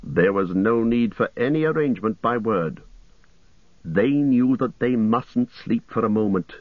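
A man narrating a story aloud in a steady, measured reading voice. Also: mid-range voice, dry recording. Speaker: audiobook narrator. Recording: muffled lo-fi audio, dry.

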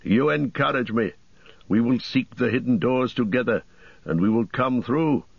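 A man reading the part of a wise old wizard in an audiobook, with a measured, solemn delivery. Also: medium pitch, vocal fry, slightly rough, no room sound, muffled recording. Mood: grave. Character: wise old male wizard, grave and commanding.

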